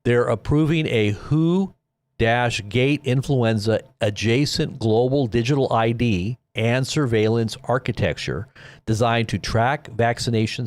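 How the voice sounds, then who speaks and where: A man hosting a live commentary stream, talking in a rambling, preachy way full of warnings. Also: medium pitch. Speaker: commentary host.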